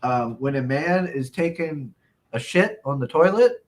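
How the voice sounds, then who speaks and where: A man's voice: fairly high pitch, expressive, measured pace. A man co-hosting a casual podcast, telling rambling stories full of fillers and chuckles. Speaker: podcast co-host. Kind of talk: casual chat.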